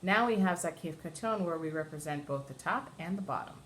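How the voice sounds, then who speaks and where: A woman's voice: low voice, lively intonation, a little fast, fairly bright tone. Woman cantor teaching chant, faint hiss. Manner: explains patiently, then chants short sung examples. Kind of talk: class lesson with sung examples.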